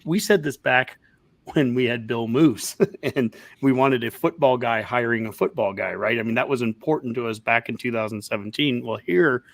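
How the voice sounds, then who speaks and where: A man hosting a casual sports podcast, animated and excitable, laughing often. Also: medium pitch, no echo. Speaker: podcast host.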